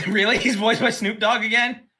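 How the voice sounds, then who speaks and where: A man's voice: high-pitched, fairly even intonation, moderate pace, sharp tone. A man co-hosting a podcast in casual chat, talking bluntly and swearing freely. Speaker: podcast co-host.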